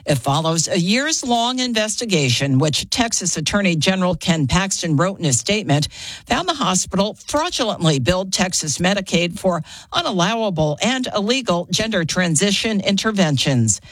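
Reporter woman, crisp factual read, dry close sound. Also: fairly low pitch, very animated, moderate pace, no room sound, rough recording. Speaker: news correspondent. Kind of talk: filed radio news report.

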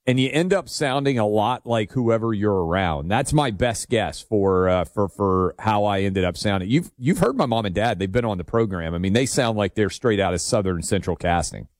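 Relaxed male talk-radio host, dry mic. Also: lowish voice, moderate pace, hardly any pauses, no echo. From Tennessee. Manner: relaxed, friendly, laughs easily.

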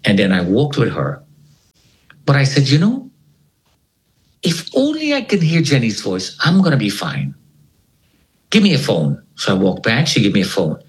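Animated storytelling man, lively voice. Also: medium pitch, moderate pace, pauses often, rough recording. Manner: animated storyteller who acts out the voices of people in his story. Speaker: guest. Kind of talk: telling a personal story in an interview.

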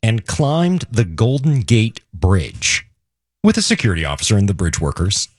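A man's voice: on the low side, sing-song, normal speed, husky, dry recording. A man co-hosting a radio talk show, discussing politics in a wry, mock-indignant way. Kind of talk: casual political banter.

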